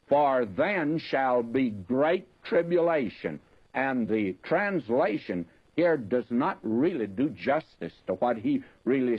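A man preaching a sermon in a folksy, direct way, slowing down to stress the scripture he reads. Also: mid-range voice, slightly rough. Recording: dull lo-fi tape recording.

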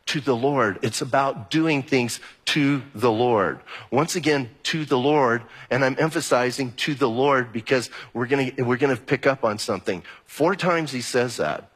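A man's voice: medium pitch, moderate pace, few pauses, a bit bright, slightly rough. A man preaching a sermon as pastor, talking conversationally and repeating key phrases for emphasis. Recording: long hall reverb.

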